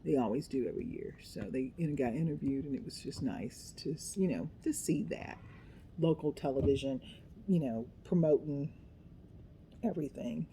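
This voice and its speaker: A woman's voice: deep voice, lively intonation, moderate pace, dark tone, slight background noise. A middle-aged woman chatting casually as she works on a craft project, rambling and poking fun at herself as she goes. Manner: chatty, self-deprecating, talks to herself while working. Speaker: craft vlogger.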